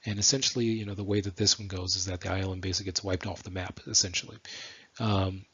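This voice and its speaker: Male religious teacher, quick loose parable-telling, lowish very breathy voice, dull lo-fi recording. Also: little pitch movement, sharp tone, no echo. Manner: loose, rambling explanation. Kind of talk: informal spoken teaching with parables.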